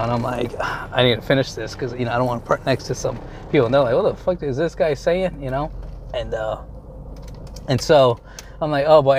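A man's voice: medium pitch, creaky, slight background noise. A young man casually retelling a story from his car, rambling, swearing a lot and breaking off mid-sentence. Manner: rambling, profane, self-interrupting retelling. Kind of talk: casual storytelling while driving.

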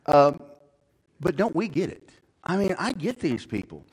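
A middle-aged male pastor delivering a sermon, his voice sitting a touch high. He talks casually, like he is chatting with the congregation, then climbs into loud, raised bursts before settling back down. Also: very animated, moderate pace, breathy edge, poor audio. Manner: conversational preaching that swings from low and quiet to loud, high-pitched emphasis.

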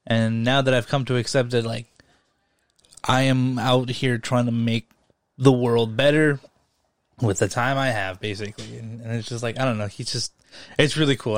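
Young podcast guy chatting, smooth clear voice, super dry sound, swears a lot. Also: medium pitch, normal speed, no echo. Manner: rambling, swears freely, animated retelling. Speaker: podcast co-host. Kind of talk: casual chat.

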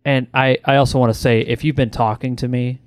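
A man's voice: mid-range voice, little pitch movement, fairly quick, no echo, studio quality. A man co-hosting a podcast, talking loosely with lots of repeated words and restarts. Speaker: podcast co-host. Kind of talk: casual podcast chat.

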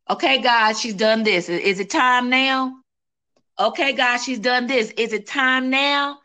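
Singer guest, woman, bright higher voice, animated storyteller who acts out dialogue. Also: measured pace. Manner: animated, quotes others, repeats phrases for emphasis. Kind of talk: casual interview, emotional storytelling.

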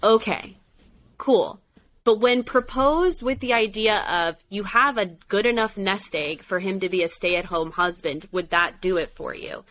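A woman's voice: mid-range voice, measured pace, a bit bright. A woman co-hosting a casual chat about a dating show, talking emphatically and firing off rhetorical questions. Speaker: podcast co-host.

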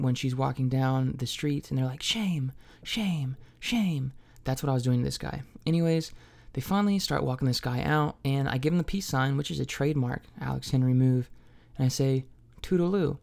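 Gravelly, dark-voiced man telling stories solo. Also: mid-range voice. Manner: casual, profane, self-mocking storyteller. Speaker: podcast host. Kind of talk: solo comedic storytelling.

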